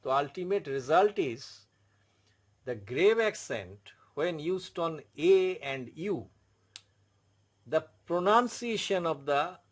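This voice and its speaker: A man teaching a language lesson, explaining slowly and repeating each point for emphasis. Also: fairly high pitch. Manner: slow, repetitive explaining, stressing each point. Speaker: French tutor.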